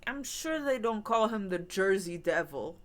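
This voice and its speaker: A woman voice actor chatting casually while streaming a game, animated, laughing often and swearing freely. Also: medium pitch, measured pace. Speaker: streamer playing a narrative game. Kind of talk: casual chat and reading game text aloud.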